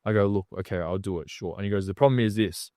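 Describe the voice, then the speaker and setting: A man's voice: deep voice, fast, a little mellow, dry recording, studio quality. Slangy man telling a wild story. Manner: casual, slangy, acts out other people's lines. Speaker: podcast guest. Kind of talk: animated storytelling.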